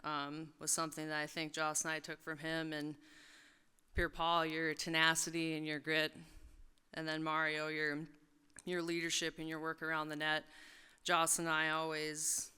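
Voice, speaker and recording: A woman's voice: sits low, completely flat delivery, moderate pace, sharp tone, clear, resonant tone. A woman in her thirties giving a joking, casual acceptance speech at a podium microphone, with many fillers. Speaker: hall of fame inductee. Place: large event hall on stage. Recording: echoey large hall.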